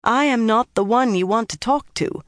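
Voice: medium pitch, normal speed, a bit bright, no room sound, clean studio sound, voice pushed up, close to an everyday voice. An audiobook narrator voicing a young woman who insists on steering attention away from herself. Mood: insistent.

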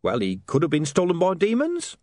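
Guy putting on a shifty fast-talking hawker, pitched up, lively, dry sound. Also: no echo. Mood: wheedling. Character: shifty male street hawker, wheedling.

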